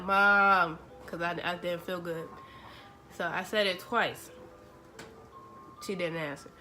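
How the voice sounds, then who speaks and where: A young woman, telling a story to her vlog audience in a chatty, animated way, acting out the dialogue. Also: on the low side, slight background noise. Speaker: vlogger. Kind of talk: casual storytelling.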